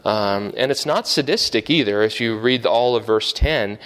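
A man's voice: medium pitch, moderate pace, few pauses, a bit bright. A man teaching a Bible class, explaining step by step with many fillers and restarts.

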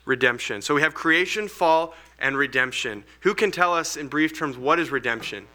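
Bright-voiced man leading Bible study. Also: on the high side, expressive, normal speed. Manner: earnest and explanatory, thinks aloud with restarts. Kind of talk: teaching a group Bible study.

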